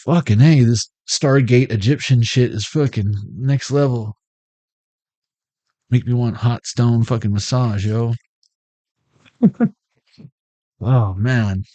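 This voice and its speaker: A man's voice: medium pitch, slow pace, pauses often, mellow, no room sound. A man giving a casual tarot reading, rambling and cursing as he jokes and laughs at his own lines. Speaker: tarot reader.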